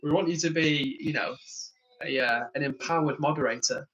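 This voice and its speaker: A man hosts a casual live stream, reading viewers' comments aloud and answering them in a chatty way. His voice sits a little high for a man, with a bright, forceful edge. He sounds tired and yawns now and then, but keeps laughing along. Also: normal speed, highs cut off. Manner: chatty, laughs often, reads chat aloud. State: tired, yawning. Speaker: livestream host.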